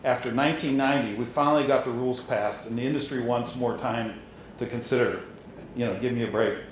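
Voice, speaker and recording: An older man speaks at a memorial dedication, spinning anecdotes with chuckles and false starts. His voice sits at an ordinary pitch. The sound is roomy and echoey, with a faint hum of ambience behind him. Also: brisk. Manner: storytelling with chuckles and restarts. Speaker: ceremony speaker. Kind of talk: anecdotal speech. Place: hall at an outdoor marker dedication.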